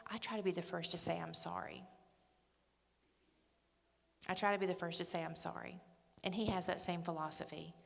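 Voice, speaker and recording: A woman's voice: fairly low pitch, vocal fry, a bit bright. A middle-aged woman speaking at a church ladies' day, chatty, humorous and emphatic. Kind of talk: church talk. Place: church hall. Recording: echoey hall with long reverb.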